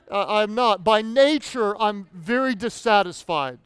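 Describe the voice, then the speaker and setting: A male pastor preaching an animated sermon, telling stories and prompting the congregation to repeat lines back. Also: high-pitched, measured pace, clean tone, dry recording. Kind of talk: sermon with call-and-response.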